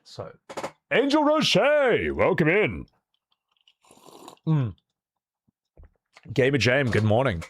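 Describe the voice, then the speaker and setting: A man hosting a casual livestream, telling a story in an animated way with lots of fillers. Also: medium pitch, takes it slowly, long pauses. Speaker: show host.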